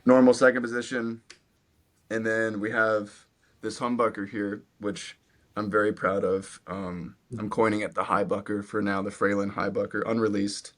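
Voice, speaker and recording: Young guy in his twenties, guest guitarist, loose and rambly, low-ish voice. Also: normal speed. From Virginia, US. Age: 20s. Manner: relaxed, rambling with many "like" fillers. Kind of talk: casual interview chat.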